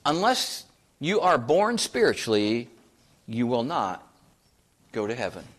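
Preaching in a folksy, chatty way, this pastor asks his congregation questions and trades jokes with them. He speaks a little slowly in a sing-song, medium-pitched voice.

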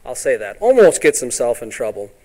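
A man preaching a sermon in a folksy way, often asking "all right?" and acting out Bible scenes in quick voices. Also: mid-range voice, big pitch swings, a little mellow. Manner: ends points with "all right?".

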